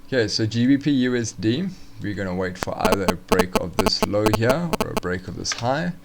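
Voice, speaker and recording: A man's voice: mid-range voice, sing-song, moderate pace, gravelly, heavy background noise. A man casually walking through forex charts on a live stream, thinking aloud with fillers and restarts.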